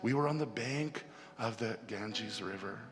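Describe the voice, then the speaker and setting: A man giving a heartfelt spiritual talk, telling a parable slowly and tearfully, with long pauses. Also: on the low side. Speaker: speaker at a devotional music festival. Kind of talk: emotional spiritual talk with a first-person parable. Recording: long hall reverb with music behind.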